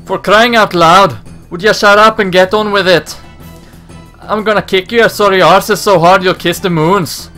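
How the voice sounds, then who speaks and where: A man voicing a brash young female thief with a clumsy put-on Irish-style accent, gruff and impatient. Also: sits high, fairly even intonation, unhurried, pushed and bright, soft background music, voice pushed up.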